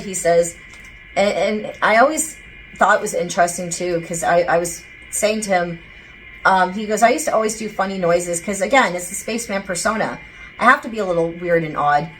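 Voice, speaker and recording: A woman's voice: medium pitch, moderate pace, a bit bright, a little hiss or hum, rough recording. A woman speaking as a psychic medium, rambling casually and relaying quotes with many fillers and restarts. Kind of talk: casual channeling monologue.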